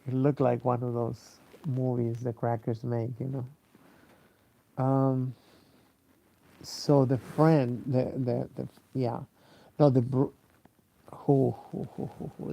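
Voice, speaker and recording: A sleepy man with a dark, gravelly voice rambles slowly through a casual monologue. He stops often for fillers and restarts and swears freely. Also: medium pitch, level tone. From Mexico. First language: Spanish. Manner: halting, many fillers and restarts, profane.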